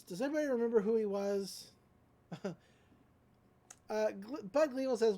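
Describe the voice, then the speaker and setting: A woman hosting a podcast, retelling a cartoon episode in casual chat with animated storytelling and quick character voices. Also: a little high. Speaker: podcast host.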